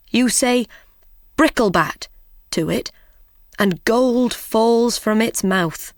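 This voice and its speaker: A bold, cheerful young man tells his tale in a slow, careful storybook voice, as a woman reader does him. The sound is dry and close, with no room around it. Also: medium pitch, dry recording, natural voice. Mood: confiding.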